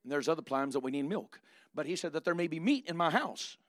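A man preaching a sermon, moving from quiet asides to loud, fervent preaching. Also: a little high, lively intonation, quick pace, no room sound, studio quality.

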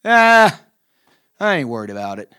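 A preacher voicing Jesus as calm, gentle and unhurried, speaking softly and easily. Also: male voice, on the high side, clear, resonant tone, no echo, clean studio sound. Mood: assuring.

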